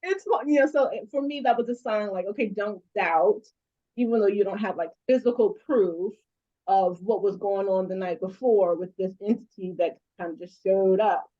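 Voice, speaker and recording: A woman giving a casual, animated account, laughing often and leaning on "you know," on a video call. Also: medium pitch, normal speed. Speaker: speaker. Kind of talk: casual storytelling. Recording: dull lo-fi call audio.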